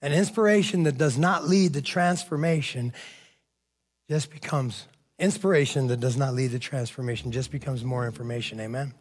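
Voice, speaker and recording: A man's voice: mid-range voice, moderate pace. A man preaching a sermon as pastor, fervent and conversational, often saying "man" and "amen".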